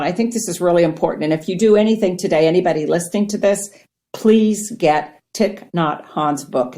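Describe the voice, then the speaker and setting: Earnest, animated woman from Ohio, a guest teaching mindfulness, with a low, mellow voice. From Ohio, United States. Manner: earnest, animated, acts out quotes. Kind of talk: conversational teaching.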